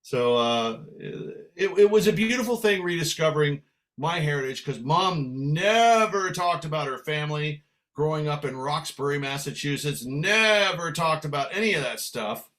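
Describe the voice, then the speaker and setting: An older man from San Francisco spins animated anecdotes as a guest musician. His voice sits a touch high and swings widely in pitch. He slips readily into playful voices. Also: normal speed. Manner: animated storyteller who slips into Irish brogue for quoted voices. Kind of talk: storytelling in a podcast interview.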